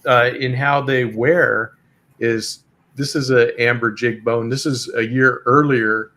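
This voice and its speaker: A man's voice: medium pitch, fairly even intonation, slow pace, bright, forceful tone. A man hosting a casual live chat, easygoing and hesitant with lots of fillers. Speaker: host.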